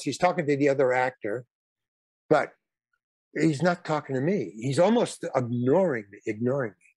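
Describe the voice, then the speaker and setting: A man's voice: mid-range voice, dry recording. Rambling older man telling stories. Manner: rambling, with repeated words and restarts; blunt, with occasional swearing. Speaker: guest actor and comedian. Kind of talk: casual anecdote telling on a talk show.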